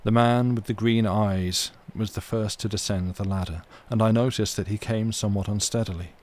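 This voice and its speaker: A man reading a classic novel aloud on a livestream, steady and unhurried, correcting small slips as he goes. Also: lowish voice. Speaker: reader.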